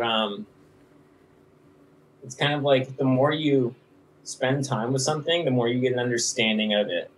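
Man, casual podcast guest, rambling and laughing, mid-pitched, faint room noise behind. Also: low-quality recording. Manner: rambling, laughs often, many restarts. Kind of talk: casual conversation.

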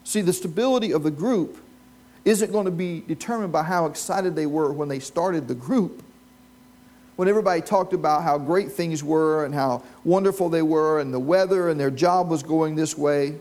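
A man's voice: a little high, normal speed, a little mellow. A man preaching a sermon, telling stories and asking the congregation questions. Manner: storytelling, asks the congregation questions. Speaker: pastor. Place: church with a live congregation.

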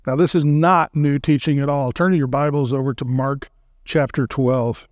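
A man delivers a sermon as a visiting preacher, speaking emphatically and often checking in with his audience. He slows down to recite lines of hymns and scripture. His pitch is medium, his intonation fairly even, and the recording is dry.

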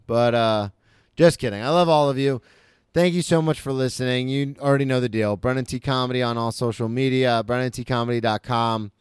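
A man's voice: medium pitch, fairly even intonation, quick pace, clean tone, dry recording, clean studio sound. A comedian from Florida hosting his own podcast, telling a loose, profane story and correcting himself as he goes. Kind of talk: casual storytelling monologue.

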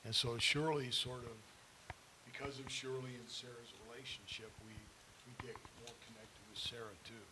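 Soft-spoken man in a noisy recording. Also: medium pitch, level tone, moderate pace. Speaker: parenting panelist. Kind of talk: casual panel chat.

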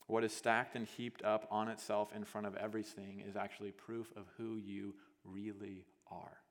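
A male pastor preaching a sermon as a vivid story, acting out scenes and swinging from hushed to loud, with lots of casual "like" fillers. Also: lowish voice, flat delivery, moderate pace. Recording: long hall reverb.

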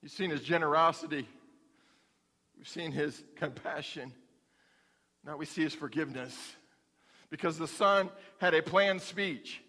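A man's voice: fairly high pitch, unhurried, long pauses, bright, forceful tone. A male pastor preaching a folksy, humorous sermon in a church. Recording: long hall reverb.

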